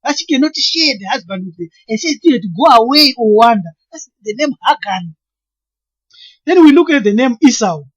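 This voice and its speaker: Woman w/ a background, husky and a bit high, explaining slowly, keeps restarting words. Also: animated, highs cut off. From Zimbabwe. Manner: earnest, deliberate, often stalls and restarts words. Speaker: lecturer on name meanings. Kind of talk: explanatory monologue.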